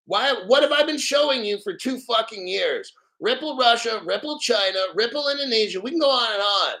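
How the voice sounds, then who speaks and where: A man's voice: high voice, bright, forceful tone. A middle-aged man hosting a crypto channel, ranting at viewers in a profane, mocking, combative way. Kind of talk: angry livestream rant.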